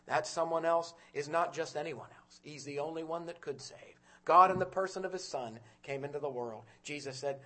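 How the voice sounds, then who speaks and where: A man preaching a sermon, swinging from loud urgent calls to quiet hushed storytelling and often repeating words as he goes. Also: on the high side, normal speed.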